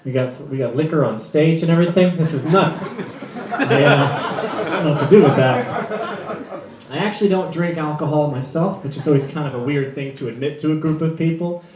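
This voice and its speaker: A man's voice: fairly high pitch, moderate pace. A young man doing a stand-up comedy set in a club, chatty and self-mocking, with loose fillers. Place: comedy club stage before a live audience. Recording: echoey club with crowd laughter.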